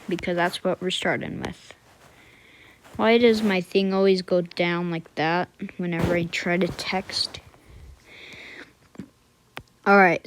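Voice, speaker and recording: A woman talks through a screen-recorded coding lesson at an easy, slow pace, in a voice of ordinary middle pitch. She thinks aloud with fillers and quick self-corrections. She drops quiet muttered asides to herself into the lesson. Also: a little hiss or hum. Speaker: tutorial maker.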